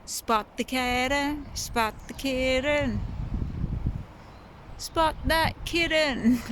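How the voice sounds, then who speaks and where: A woman filming her cat in a cold outdoor garden on her phone, cooing at it in a high sing-song. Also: extremely slow, noisy background. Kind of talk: casual vlog talk to a pet. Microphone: phone camera held by her.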